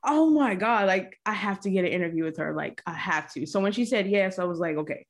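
A woman hosting a casual interview over a video call, bubbly and chatty, repeating how excited and nervous she is. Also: lowish voice, fast talker. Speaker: podcast host. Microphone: computer mic on a video call.

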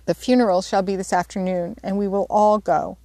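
A brisk, impulsive teenage girl from a classic storybook, quick to take offense, played by a woman reading aloud. The reading is close and dry, with little room sound. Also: medium pitch, steady tone, mellow, no room sound, lightly acted. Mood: consoling. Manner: brisk and huffy.

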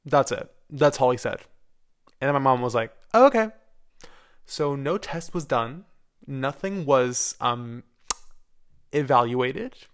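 A man's voice: mid-range voice, slow, fairly bright tone, clear, resonant tone. A man in his twenties talking casually on his own podcast, rambling and candid, with lots of fillers and the odd swear word. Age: 20s. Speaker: podcast host; university music student. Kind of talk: casual solo podcast chat.

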